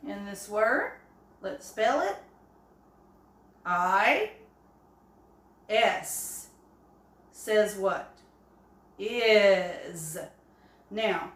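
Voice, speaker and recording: A woman teaching an early-grade phonics lesson, speaking slowly and encouragingly. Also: mid-range voice. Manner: slow, encouraging, with drawn-out examples. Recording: echoey room.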